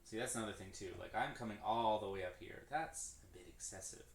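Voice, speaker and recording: A man's voice: on the low side, a little fast. A man explaining drum stickings in a loose, rambling way as he practices on a stream, correcting himself and counting hands aloud. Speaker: drummer streaming his practice. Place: room with a drum kit. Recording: echoey room, distant mic, clear background noise.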